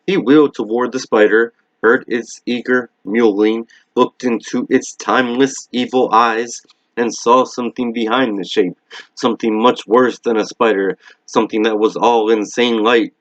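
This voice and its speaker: A man reading a novel aloud in a steady, measured way, in a dull lo-fi recording. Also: mid-range voice, no echo. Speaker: reader.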